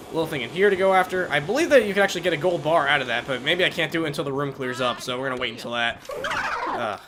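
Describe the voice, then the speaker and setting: A young man with a congested, stuffy voice from a cold, giving excitable, jokey gameplay commentary and cursing at enemies. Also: sits high, background noise. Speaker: let's play commentator.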